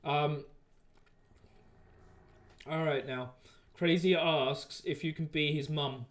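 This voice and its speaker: A man's voice: fairly high pitch, steady tone, takes it slowly, a bit bright. A man hosting a live stream, chatting casually and joking in rambling banter. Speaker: livestream host.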